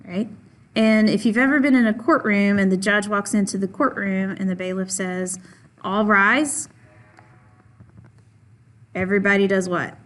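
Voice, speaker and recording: A woman's voice: medium pitch, steady tone, fairly quick, soft background music. Patient woman teaching a math lesson. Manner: patient, repeats and stresses key points; asks questions of the class and answers them herself. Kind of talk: classroom lesson.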